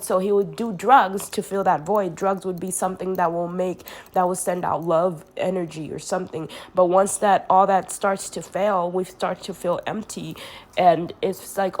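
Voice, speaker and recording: A woman with a fairly low voice talks to camera in a long, earnest monologue. She rambles, restarts her sentences and leans on fillers, and her voice sounds a little congested. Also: steady tone, normal speed. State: congested from sinus trouble.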